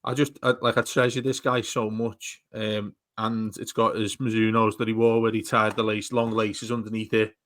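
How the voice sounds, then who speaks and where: A man's voice: on the low side, little pitch movement, moderate pace, few pauses, fairly bright tone, no room sound. Enthusiastic man chatting football. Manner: enthusiastic, restarts words often. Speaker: podcast co-host. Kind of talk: casual football chat.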